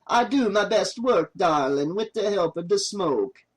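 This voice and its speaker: A man's voice: sits high, lively intonation, a little slow, slightly rough, voice pushed up, exaggerated voice. A man voicing a laid-back stoner cameraman who puts on an overdone mock Jamaican accent and teases lazily. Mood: teasing. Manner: lazy, teasing, says "darling".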